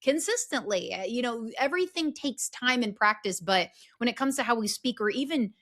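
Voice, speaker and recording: A woman's voice: fairly high pitch, lively intonation, moderate pace, fairly bright tone. A woman guest on a podcast, talking earnestly and expressively about faith and healing, acting out quoted voices as she tells stories. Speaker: podcast guest, speaker and story strategist. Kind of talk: casual conversational interview.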